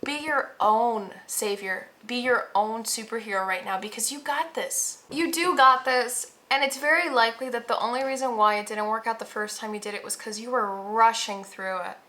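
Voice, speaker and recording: A woman with a bright, forceful voice pitched a little high reads tarot straight to her viewers. She talks casually and earnestly, drops slang and leans hard on her encouragement. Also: moderate pace, few pauses. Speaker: tarot reader. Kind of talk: pick-a-pile tarot reading to viewers.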